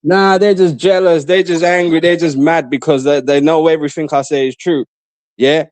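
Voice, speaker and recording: A man's voice: fairly high pitch, fairly even intonation, moderate pace, a little mellow, no room sound. A man trash-talking and taunting his haters in casual stream chat. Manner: repeats himself, mocking. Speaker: live stream guest.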